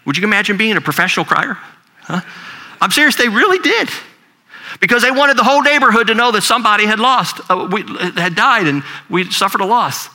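A man's voice: high-pitched, animated, brisk, sharp tone. An older man, a grandfather, preaching a sermon in a conversational storytelling way, often repeating words as he talks. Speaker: pastor.

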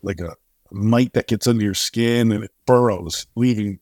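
This middle-aged man's voice sits on the low side and moves at a moderate pace, captured in a dry, clean studio recording. A singer-songwriter and charity co-founder, he tells a long story in an interview, animatedly acting out the conversations.

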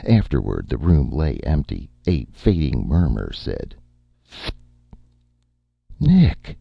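A man reads a story aloud with steady, measured narration. His voice is very deep, gravelly and husky, and it moves lively through its range. The dry recording sounds dull and muffled. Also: dry recording. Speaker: audiobook narrator. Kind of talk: scripted narration.

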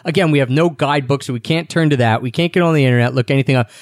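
A man's voice: mid-range voice, rapid-fire, dry recording. Chatty man, dry close sound. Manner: rambling, self-deprecating, animated retelling. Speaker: travel podcast co-host. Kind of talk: casual chat.

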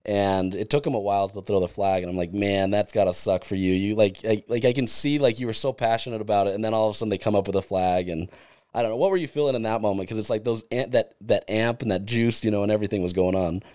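A man's voice: fairly low pitch, quick pace, darkish tone, no echo, clean studio sound. A young man in casual chat, rambling as he asks a teammate about a play. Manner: rambling, chatty questions.

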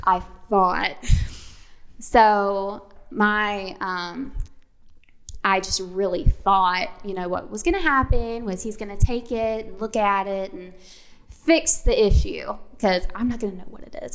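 A woman candidly telling an animated personal story in a casual chat. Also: medium pitch, slow pace.

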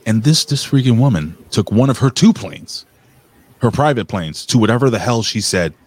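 A New York man co-hosting a stream tells rambling, profane stories in casual chat, animated as he goes. His voice is fairly low with a breathy edge, at normal speed, and there's no echo.

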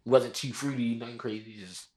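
A man's voice: mid-range voice, moderate pace. A man co-hosting a podcast in loose, joking casual chat. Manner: loose, jokey, swears, shouts in bits. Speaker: podcast co-host.

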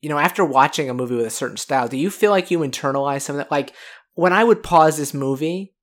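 A man co-hosting a podcast in casual chat, rambling and self-deprecating. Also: a little high. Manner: rambling, self-deprecating, quick to imitate voices. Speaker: podcast co-host.

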